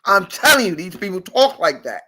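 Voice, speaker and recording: A man hosting a casual podcast, ranting in an animated, profane, repetitive way. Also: high voice, normal speed. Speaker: podcast host.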